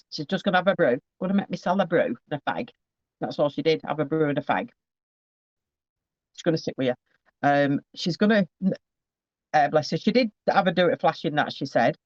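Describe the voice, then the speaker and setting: A man gives a psychic reading in a fairly high, chatty voice. He often trips and restarts mid-phrase as he relays messages. The recording is dry and slightly muffled. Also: no room sound. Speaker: psychic medium. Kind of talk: live spirit reading to a sitter.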